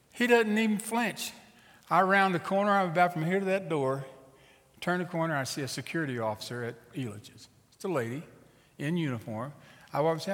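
A middle-aged man preaches, telling a story in a lively, conversational way. His voice sits a bit higher than most men's. Long reverb from a large hall trails behind each phrase. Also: a little fast. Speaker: pastor. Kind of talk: storytelling sermon.

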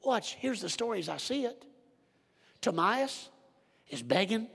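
A man preaches in a high, gravelly voice, telling the story vividly and calling out to his listeners. His husky voice rings through a church with a long reverb. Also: unhurried. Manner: animated storytelling, direct address. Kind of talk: sermon.

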